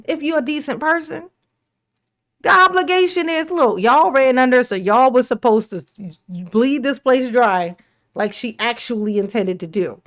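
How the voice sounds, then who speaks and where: A woman with a fairly high voice gives casual reaction commentary. She mocks and needles her subjects with sarcasm, breaking into laughter often and cursing freely. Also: fairly bright tone. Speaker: commentary host.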